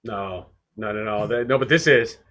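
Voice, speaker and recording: A man's voice: fairly low pitch, moderate pace, fairly bright tone. A middle-aged man co-hosting a podcast in casual, jokey, rambling chat. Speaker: podcast co-host.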